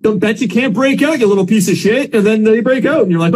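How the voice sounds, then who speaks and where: A man's voice: high voice, fast talker, darkish tone, slightly rough. A man co-hosting a podcast, giving blunt, sarcastic, swearing takes in casual movie talk. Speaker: podcast co-host. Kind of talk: casual movie review rant.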